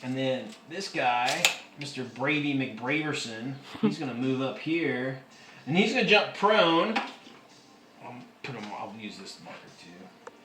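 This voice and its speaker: Man, game master, tabletop wargame, counts dice aloud, excitable, roomy echo. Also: mid-range voice, measured pace, background noise. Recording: echoey room with music behind.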